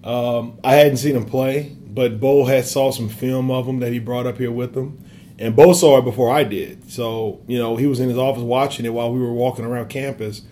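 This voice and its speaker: A man's voice: medium pitch, steady tone, normal speed, warm tone, slight background noise. A man in his thirties from Wisconsin, an assistant basketball coach, answering interview questions earnestly with many fillers. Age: 30s.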